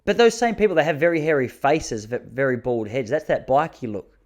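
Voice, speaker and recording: An Australian man in his thirties, hosting a podcast and telling rambling, self-mocking comic stories with quick asides. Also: mid-range voice. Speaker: podcast host. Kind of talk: comic storytelling monologue.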